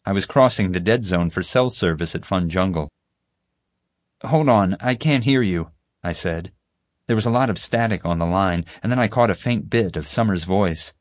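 This audiobook narrator, a man with a lowish voice, tells a first-person story at a fairly quick, steady and even pace. It's a dry, close studio recording with no room sound at all.

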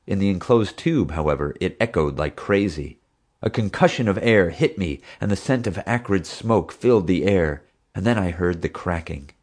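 Low male narrator, steady scripted read. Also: moderate pace. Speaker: audiobook narrator.

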